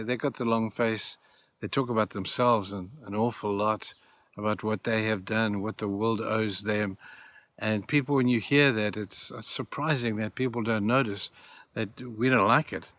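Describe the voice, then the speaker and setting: Guy giving a little church devotional, lowish voice, earnest, repeats stuff for emphasis, retells bible stories plainly. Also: a bit bright. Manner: retells scripture stories in plain everyday words. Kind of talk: short devotional talk.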